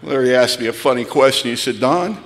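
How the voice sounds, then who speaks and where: A man from California telling his recovery story at a retreat, candid and wry, sinking low and quiet, then rising to pleading intensity. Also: little pitch movement, fast. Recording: long hall reverb.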